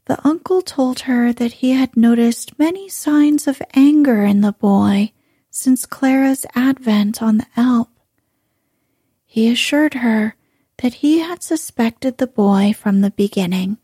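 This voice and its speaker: A woman reads a storybook aloud in a soft, measured whispered role-play. Her voice is slightly high but mellow and breathy, and she speaks very slowly. The recording is close and dry. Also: dry recording.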